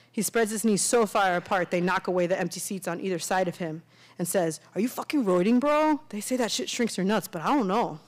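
A woman from Miami, an author reading her own fiction aloud in a steady, conversational way. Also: medium pitch. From Miami, USA.

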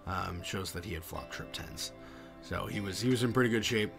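A man giving voice-over commentary on his poker hands, halting and full of fillers. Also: sits low, vocal fry, a bit bright, soft background music. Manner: halting, many fillers and restarts. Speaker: poker vlogger.

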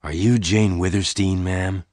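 Man reading a polite big stranger in black, low, slow, storybook. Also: steady tone, darkish tone, no room sound, clean studio sound.

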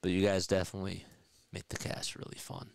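A man hosting a casual live-stream play-by-play of a baseball game, chatting with his viewers between pitches. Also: completely flat delivery, a little fast, vocal fry, clear, resonant tone, dry recording. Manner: chatty, talks to his chat audience.

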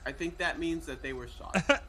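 A man's voice: on the high side, normal speed, crowd noise. A man playing a doctor in a roleplay game, talking hesitantly with restarts. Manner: hesitant, stammering.

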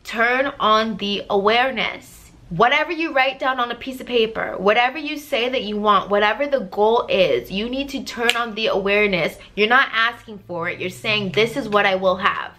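A woman's voice: a little high, normal speed, few pauses, pushed and bright, slight background noise. A woman life coach giving a motivational talk to camera, emphatic and direct, hammering her points with repetition.

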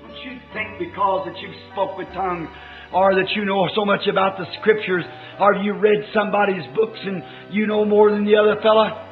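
A man preaching a fervent sermon, swinging from quiet, low passages to sudden shouts. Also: little pitch movement, normal speed, soft background music. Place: church meeting. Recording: lo-fi old phone-like recording in an echoey hall.

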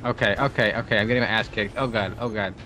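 A man's voice: fairly low pitch, steady tone, fast talker, sharp tone. A young man from Canada chatting and joking with friends while playing a co-op game. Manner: joking, laughs often, teasing. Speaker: gamer. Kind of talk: casual co-op gaming chat.

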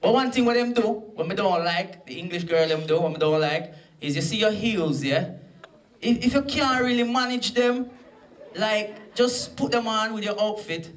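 High-voiced Jamaican man doing stand-up. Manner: loud, punchy patter with audience banter. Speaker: stand-up comedian. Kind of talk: stand-up comedy set. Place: comedy club stage. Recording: amateur live recording from far off, crowd noise.

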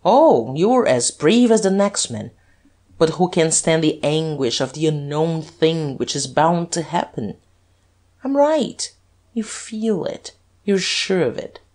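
Casting: woman reader doing a scornful, commanding duke with a low, unhurried, menacing delivery. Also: darkish tone, heavily acted. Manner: jeering, menacing, deep and compelling. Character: cold, commanding male gentleman thief posing as duke.

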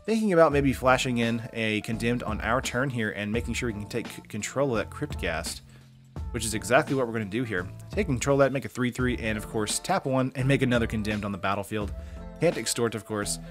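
Fast-talking man giving game commentary. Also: mid-range voice, soft background music. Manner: quick, casual, lots of fillers. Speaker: card game channel host. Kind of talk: deck breakdown and gameplay commentary.

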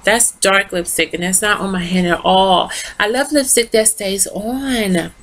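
A woman's voice: mid-range voice, unhurried, a bit bright. A tired woman rambling through a casual lipstick review into her phone, talking straight to her viewers. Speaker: beauty vlogger.

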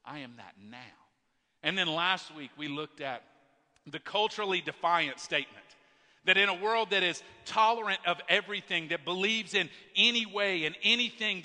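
Preacher guy, high voice, really bright and forceful, big church reverb. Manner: earnest, emphatic preaching with repeated restarts. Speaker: pastor. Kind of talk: sermon. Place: large church worship center. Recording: long hall reverb.

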